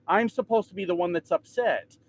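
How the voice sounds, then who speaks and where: A man in his thirties, a trucker vlogger, rants casually and profanely to his audience from inside his truck, poking fun at himself as he goes. His voice is high-pitched, brisk and creaky.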